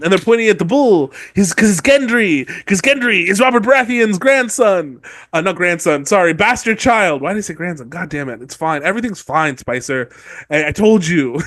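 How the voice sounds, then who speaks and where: A woman's voice: on the low side, lively intonation, moderate pace, a bit bright, no echo. A woman co-hosting a podcast, recapping book chapters in a rambling, profane way, correcting herself as she goes. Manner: rambling, profane, self-correcting, acts out characters. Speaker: podcast co-host.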